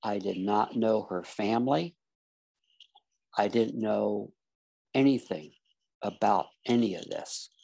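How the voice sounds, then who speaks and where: A man with a fairly low, gravelly voice and a husky edge tells a personal story in an easy, conversational way. He slips into the other people's lines as he recounts them, staying earnest throughout. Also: slow pace, long pauses, mellow. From Florida. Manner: earnest storyteller, acts out quoted dialogue. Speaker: guest telling a personal story. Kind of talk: casual storytelling.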